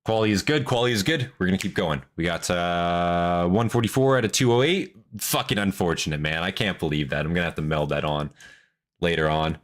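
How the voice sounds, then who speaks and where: Low-voiced, exasperated swearing streamer man. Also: fairly quick. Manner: exasperated, heavy swearing, rambling. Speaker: streamer reacting to a video. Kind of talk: casual live-stream chat.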